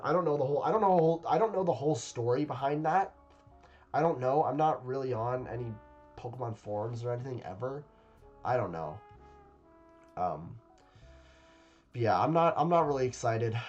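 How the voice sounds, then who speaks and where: Man, casual reaction commentary, rambling, hesitant, mid-pitched voice, faint music behind. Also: lively intonation, brisk, a little mellow, muffled recording. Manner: rambling and hesitant, many fillers and repeats. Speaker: video creator reacting to a game trailer. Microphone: webcam setup.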